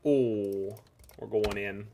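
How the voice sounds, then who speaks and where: A man's voice: on the low side, fairly even intonation, very slow, vocal fry, background noise. A man from Canada, giving casual, rambling commentary as he plays a card game on stream. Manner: rambling, chatty asides between plays.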